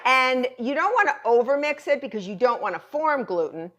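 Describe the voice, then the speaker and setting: A woman's voice: sits high, expressive, moderate pace, a bit bright. Chatty, reassuring woman chef teaching baking. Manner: chatty, reassuring, repeats words for emphasis. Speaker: chef demonstrating a recipe. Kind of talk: cooking demonstration.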